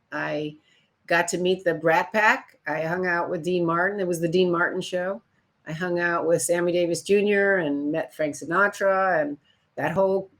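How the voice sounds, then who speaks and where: An older woman from Chicago telling stories about her career in an interview, acting out other people's lines. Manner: animated storyteller, acts out quotes in higher voices. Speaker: guest. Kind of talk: storytelling interview.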